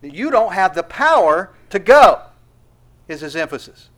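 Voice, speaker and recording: A middle-aged man preaching an expository sermon, rising to loud emphatic peaks and falling to soft asides. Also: sits high, sing-song, a little slow. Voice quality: laughs softly between points. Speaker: pastor.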